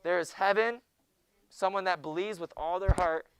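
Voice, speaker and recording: A young man teaching a junior high Bible class in a classroom, joking with the students and often hushing them. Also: normal speed, clean tone, no echo. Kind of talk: classroom lecture.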